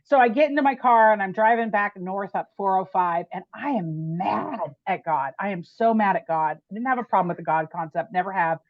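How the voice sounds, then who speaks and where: A woman guest on a podcast telling a personal story in an animated, chatty way, with frequent "like" and "right?". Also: medium pitch, a little fast, few pauses, dry recording, highs cut off.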